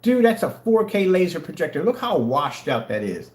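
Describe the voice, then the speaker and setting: A man's voice: a little high, very animated, normal speed, a little mellow. A man hosting a livestream, ranting at his chat in a sarcastic, taunting way and daring viewers to answer. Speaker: livestream host selling projector screen paint. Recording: roomy room echo, faint hum.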